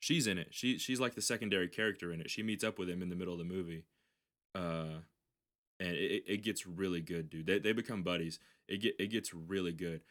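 A man's voice: sits low, brisk, a bit bright. A man hosting a podcast, telling a long story in casual chat, rambling and swearing, with frequent restarts. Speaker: podcast host.

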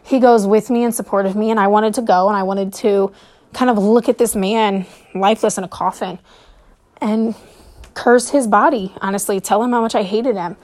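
Woman podcast host, solo story monologue, halting, nervous, a little breathless, mid-pitched. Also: fairly even intonation, darkish tone. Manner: hesitant, with frequent pauses and fillers.

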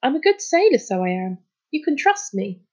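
A woman's voice: sits high, very animated, normal speed, a little mellow, breathy edge, voice pushed up, exaggerated voice. A woman playing a blunt, cocky boy. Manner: blunt, boastful. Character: cocky, boat-proud young boy. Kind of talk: storybook reading.

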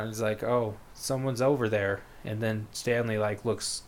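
A man chats casually and rambles through a retelling, full of fillers and quick quoted lines. His voice sits low and barely moves in pitch. A faint hiss of room noise stays under him. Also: steady tone. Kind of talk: casual chat, retelling a book plot.

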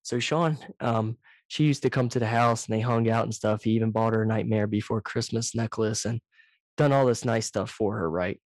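A man hosts a casual podcast over a video call, telling stories in an animated, profane way. His mic sits right up against him, so he comes through loud and close. The sound is dry. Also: lowish voice, moderate pace, dry recording. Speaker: podcast host. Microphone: too close to the microphone, loud.

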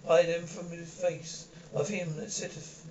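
A distraught middle-aged curate, read by a man, lamenting in a somewhat high, anguished voice. The recording is dull and lo-fi, with a faint hiss underneath. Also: steady tone, a little slow, echoey room, distant mic, natural voice. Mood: doom-laden. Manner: anguished, lamenting, raising pitch. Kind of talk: audiobook character voice.

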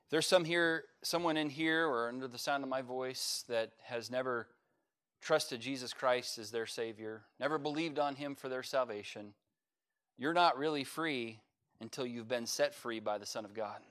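A man, a pastor, preaching a sermon in a church, talking emphatically with loud, rising stretches and frequent restarts of his phrases. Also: medium pitch, moderate pace. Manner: repeats words and restarts phrases. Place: church sanctuary.

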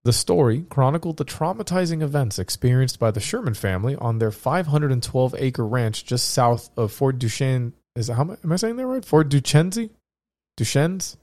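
A man's voice: medium pitch, big pitch swings, brisk, few pauses, a little mellow, dry recording. A man who is sick, hosting a casual podcast and reading out research in a joking, rambling way that often breaks off mid-thought. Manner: joking, rambling, self-interrupting. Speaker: podcast host.

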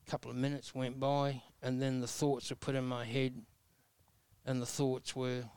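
A man's voice: medium pitch, level tone, moderate pace, darkish tone, clear, resonant tone, no room sound. A man in his sixties with an Australian accent, telling his life story as an interview guest in a blunt, earnest, folksy way. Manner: blunt, earnest, folksy with mild self-mocking humor.

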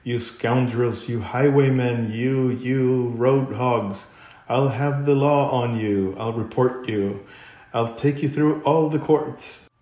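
Man voicing a firm storybook rat, stern and loud, mellow, echoey room. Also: mid-range voice, normal speed, lightly acted. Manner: firm, shouting. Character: indignant male water rat, stern and practical.

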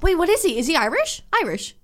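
A young woman from New York co-hosting a podcast, an animated storyteller who quotes people in voices. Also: very high-pitched, fast talker. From New York, USA. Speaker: podcast co-host. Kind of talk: casual chat.

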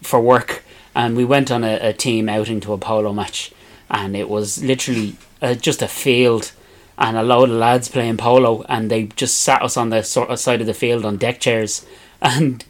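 A man's voice: medium pitch, steady tone. Self-mocking Irish man telling stories. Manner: self-deprecating, laughs often, halting restarts. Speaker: podcast co-host. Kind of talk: casual storytelling chat.

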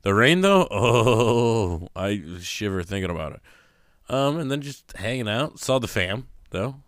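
A young man co-hosting a podcast in relaxed, teasing banter. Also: fairly low pitch, measured pace, no room sound, clean studio sound. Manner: laid-back, teasing. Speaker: podcast co-host. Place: small room, in person. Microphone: podcast mic.

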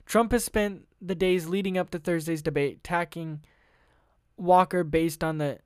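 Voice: mid-range voice, clean tone. A commentator reads news stories aloud and breaks off into blunt, cursing, sarcastic remarks. The delivery is casual, with restarts and tripped-over words. The sound is dry and close, with no room echo. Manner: blunt, profane, sarcastic asides; stumbles and restarts while reading aloud. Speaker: video commentator.

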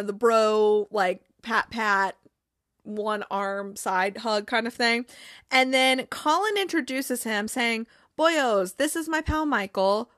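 A woman's voice: on the high side, sharp tone, no echo, clean studio sound. A young woman casually recapping a TV episode, chatty, acting out the characters' lines with fillers and laughs.

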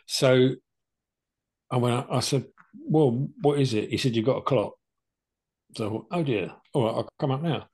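A man's voice: mid-range voice, normal speed, pauses often, darkish tone, husky. An older man, casually telling a personal story and acting out both sides of the conversations. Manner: chatty, plain-spoken, acts out both sides of conversations. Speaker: podcast co-host telling his cancer story.

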